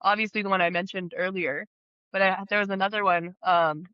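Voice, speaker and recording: A woman co-hosting a book podcast in casual chat, giggling often and speeding up when excited. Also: mid-range voice, a little fast, clear, resonant tone, no room sound. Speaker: podcast co-host. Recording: slightly dull lo-fi audio.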